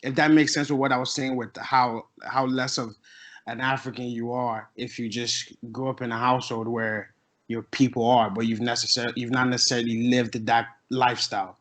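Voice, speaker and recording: A man's voice: mid-range voice, flat delivery, normal speed, a bit bright. Emphatic man from Ghana. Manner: emphatic, argumentative, restarts a lot. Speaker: podcast guest, musician. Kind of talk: casual podcast debate.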